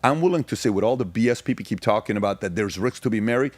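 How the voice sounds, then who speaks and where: A man's voice: lowish voice, racing, no room sound. A man in his forties from Iran, a podcast guest telling his story in an emphatic, casual way and firing off rhetorical questions.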